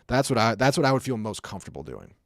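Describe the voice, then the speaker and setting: A man's voice: lowish voice, very animated, quick pace, gravelly, fairly bright tone, dry recording, clean studio sound. Chatty young man breaking down hockey. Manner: chatty, rambling, acts out sounds, many fillers. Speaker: streamer breaking down hockey clips. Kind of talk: casual commentary.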